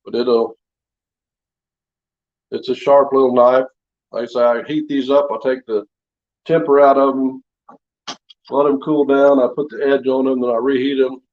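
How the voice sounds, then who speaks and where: A man's voice: medium pitch, flat delivery, normal speed, long pauses. A man chatting casually in his home workshop, showing knives he forged, in a rambling, down-to-earth way. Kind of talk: casual show-and-tell chat. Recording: slightly dull lo-fi sound.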